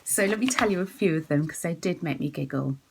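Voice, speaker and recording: A woman hosting her knitting podcast from home, chatting and giggling, often dropping into a soft whisper. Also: low-pitched, expressive, quick pace, gravelly, noisy background. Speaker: podcast host. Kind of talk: casual chat about knitting.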